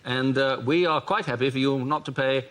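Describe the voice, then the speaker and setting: A man's voice: medium pitch, normal speed, close to an everyday voice. A man playing a bumbling posh British prime minister who stammers and sounds pompous and flustered. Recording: loud background noise.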